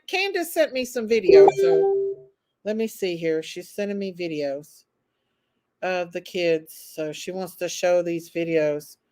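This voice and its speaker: A woman's voice: lowish voice, a little mellow. A woman hosting a live stream, chatting casually, giggling often and reading out viewer comments.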